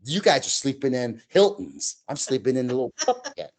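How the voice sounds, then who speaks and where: This is a man in his sixties, a guest in a relaxed conversation, telling first-hand stories. He is lively and acts out the voices and noises himself. His voice sits at an ordinary middle pitch for a man. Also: brisk, crowd noise. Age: 60s. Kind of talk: storytelling in a casual chat.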